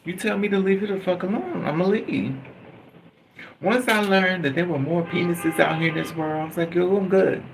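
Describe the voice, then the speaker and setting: Gravelly man venting bluntly. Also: sits high, moderate pace, noisy background. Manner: blunt, profane, venting with bitter humor. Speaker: vlogger. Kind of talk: candid emotional monologue.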